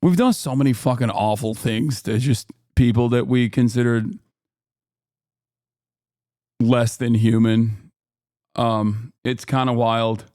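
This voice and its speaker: A man's voice: mid-range voice, steady tone, slow pace, pauses often, darkish tone, no room sound, clean studio sound. A man hosting a live stream, chatting casually and joking back at his chat. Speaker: livestream host. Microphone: close streaming mic.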